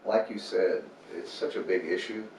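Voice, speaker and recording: Low-voiced man telling a faith story. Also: normal speed. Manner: animated storyteller, acts out quotes. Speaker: founder of a homeless ministry, guest. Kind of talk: earnest faith storytelling in an interview. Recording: roomy room, distant mic, faint noise.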